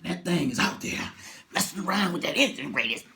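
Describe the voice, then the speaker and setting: A man retelling a story in an animated, colloquial way, often breaking into laughter. His voice is high and bright, with a very lively, swooping pitch. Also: fast talker, creaky.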